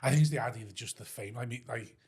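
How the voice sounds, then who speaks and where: A man's voice: mid-range voice, fast, a little mellow, breathy edge. A man from Liverpool with a Scouse accent, hosting a podcast in jokey, casual chat and laughing easily. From Liverpool area, England.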